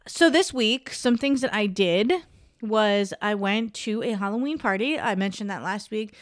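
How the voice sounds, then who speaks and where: A woman's voice: mid-range voice, normal speed, dry recording, studio quality. A young woman hosting a casual solo podcast, chatting and ranting in an opinionated, gossipy way. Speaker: podcast host.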